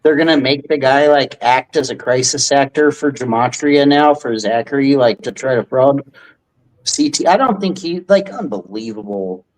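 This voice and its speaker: A man's voice: medium pitch, normal speed, rough recording. A man hosting a livestream, ranting in a heated, profane and rambling way. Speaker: livestream host.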